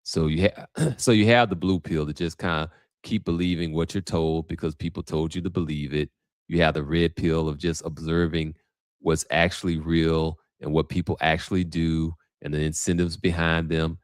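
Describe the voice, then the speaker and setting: A man's voice: a bass voice, flat delivery, normal speed, no room sound, clean studio sound. A man hosting a livestream, talking casually and thinking aloud with many restarts. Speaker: host. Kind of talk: livestream commentary.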